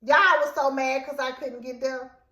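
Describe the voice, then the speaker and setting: A young adult woman telling a casual story time, animated and dramatic as she acts out what was said. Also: high-pitched, normal speed, reverberant. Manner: animated, dramatic retelling with quoted outbursts.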